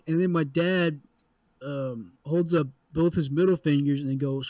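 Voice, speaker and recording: Casting note: male podcast co-host, a bit high-voiced, cusses freely, tells stories with animated energy. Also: measured pace, dry recording. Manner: animated, profane, acts out people in the story. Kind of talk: casual storytelling chat.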